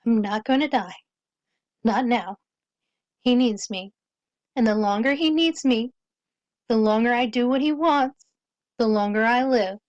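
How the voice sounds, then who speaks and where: A man's voice: very high voice, measured pace, long pauses, no room sound, dull audio, pitched above the performer's own voice. A man voicing a frightened young woman held at knifepoint in an audiobook, in a raised, tense, pleading voice.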